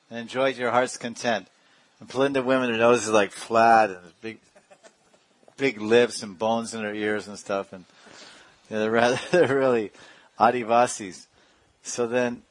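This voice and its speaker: A man's voice: mid-range voice, no room sound. A man giving a devotional discourse as a spiritual teacher, talking in a digressive way and chuckling often.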